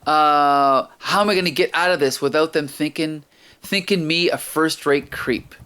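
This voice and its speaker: A man voicing a gruff, troubled adult male brawler with a slow, plodding delivery. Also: a little high, steady tone, pushed and bright. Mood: brooding.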